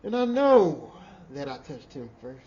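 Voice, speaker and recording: A man hosting a podcast, telling a work story in a casual, animated, profane way and often repeating himself. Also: on the high side, a little slow, muffled recording. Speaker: podcast host.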